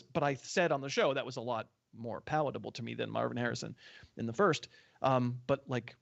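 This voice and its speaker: A man's voice: medium pitch, creaky, muffled recording. A man hosting a casual fantasy football podcast, teasing his co-host with prodding questions. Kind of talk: casual sports podcast chat.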